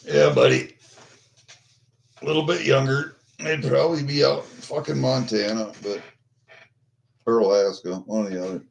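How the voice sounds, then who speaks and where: A man's voice: mid-range voice, flat delivery, brisk, gravelly. A middle-aged man chatting casually with his livestream viewers, rambling and swearing, with lots of fillers and restarts. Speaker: vlogger chatting with live viewers.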